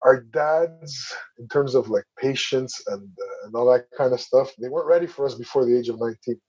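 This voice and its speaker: Husky man on a dull recording. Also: medium pitch, a little fast, darkish tone. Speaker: podcast co-host. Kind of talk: casual chat.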